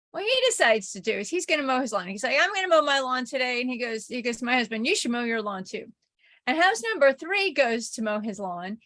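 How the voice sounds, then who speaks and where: Woman professor, higher-pitched voice, loose chatty lecture delivery, tells stories. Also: fairly bright tone. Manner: chatty anecdotal storytelling with frequent "like" and "right?". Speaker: communication professor. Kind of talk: informal recorded lecture.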